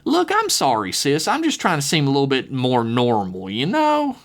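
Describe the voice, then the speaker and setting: A man's voice: medium pitch, huge pitch swings, normal speed. A man voicing a flirty cult-member woman who talks in a folksy, sweet-talking drawl.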